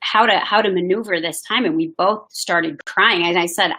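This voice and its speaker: A woman's voice: mid-range voice, normal speed, poor audio. A woman pastor in a casual church update chat, speaking in an earnest, heartfelt way. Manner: earnest, soft-spoken and heartfelt. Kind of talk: casual conversation.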